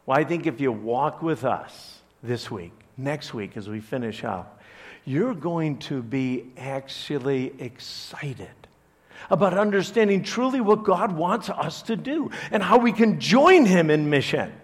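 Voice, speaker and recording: A man's voice: on the high side, animated, unhurried, husky. A man from Chicago, a pastor, preaching a conversational sermon to his church with joking asides. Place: church service.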